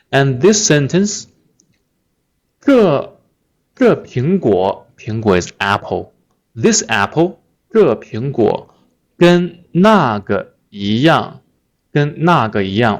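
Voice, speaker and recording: Slow patient guy w/ teaching grammar, keeps repeating example words, says "right?" a lot, mid-pitched voice. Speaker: Chinese language teacher. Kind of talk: explaining grammar slowly with repeated example phrases.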